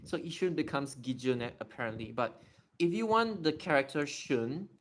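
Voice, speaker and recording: A livestreamer in a casual Q&A, excitable and thinking out loud while typing. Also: medium pitch, normal speed, slight background noise.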